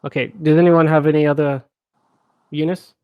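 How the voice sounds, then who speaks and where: A man's voice: on the high side, little pitch movement, moderate pace, smooth, no room sound, muffled recording. A man teaching a casual live language class, chatty and often checking that students follow. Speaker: Arabic teacher.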